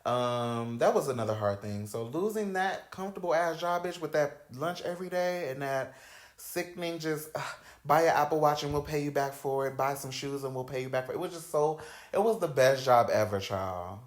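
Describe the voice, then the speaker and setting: A young man hosting a podcast, telling personal stories in a candid, slangy, dramatic way, dropping to low mutters and rising to loud outbursts. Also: normal speed. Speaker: podcast host. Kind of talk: candid storytelling chat. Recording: roomy echoey room.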